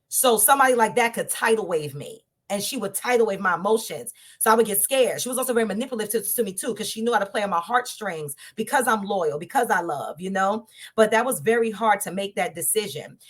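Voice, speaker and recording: A woman in her thirties telling a personal faith story to a discussion group, candid and lively, often turning to her listeners. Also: medium pitch. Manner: animated, conversational, laughs often, addresses listeners directly.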